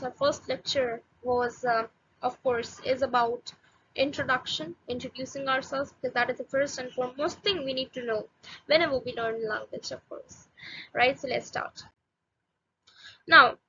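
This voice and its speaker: Young female teacher, high bright voice, casual halting lesson delivery. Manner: halting, many fillers and restarts, slows to spell out phrases. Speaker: language teacher. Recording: slightly dull lo-fi audio with faint noise.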